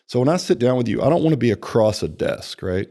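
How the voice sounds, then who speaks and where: A man giving conversational sales training, animated, acting out client dialogue and often checking in with "right?". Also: mid-range voice, quick pace. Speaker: personal training franchise executive.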